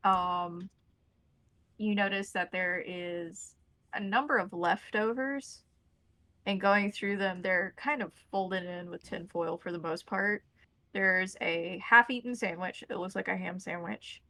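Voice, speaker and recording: A woman narrating a tabletop role-playing game as game master, describing scenes in a relaxed, descriptive way. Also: on the low side, measured pace, dry recording, low-quality recording.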